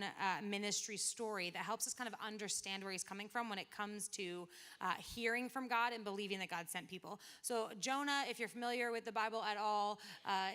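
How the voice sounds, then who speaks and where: A woman's voice: medium pitch, bright, forceful tone. A woman preacher giving a casual sermon, retelling scripture in chatty everyday language with quoted asides.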